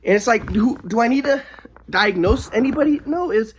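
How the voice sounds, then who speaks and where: This man's voice is very high and expressive at a normal speed, with a faint hiss or hum, recorded in an echoey room. A vlogger recounting his own experience, he's agitated and profane, repeatedly restarting and repeating his sentences.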